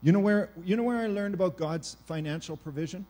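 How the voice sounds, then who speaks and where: A middle-aged male pastor, from Canada, giving a sermon in an animated way, swinging from loud emphasis to hushed quiet. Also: high voice, fast.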